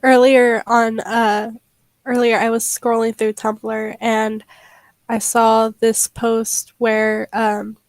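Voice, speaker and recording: A young woman streamer chatting casually and haltingly, with many fillers. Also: fairly high pitch, flat delivery, dry recording. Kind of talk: casual livestream chat.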